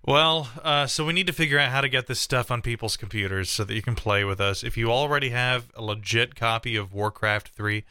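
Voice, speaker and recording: Bright, crisp-voiced male podcast host. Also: medium pitch, a little fast, few pauses, dry recording, clean studio sound. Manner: joking, mildly exasperated, chatty. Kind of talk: casual podcast chat.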